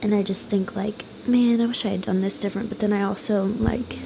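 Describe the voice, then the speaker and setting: A woman's voice: medium pitch, fairly even intonation, a little fast, vocal fry, noisy background. A young woman co-hosting a casual podcast, tearful, reflective and hesitant with many fillers. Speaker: podcast co-host.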